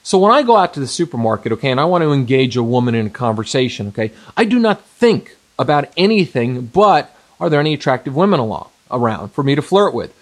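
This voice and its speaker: A man's voice: mid-range voice, very animated, quick pace, hardly any pauses. A middle-aged man giving an emphatic seminar talk as a dating coach, repeating points and addressing the men directly.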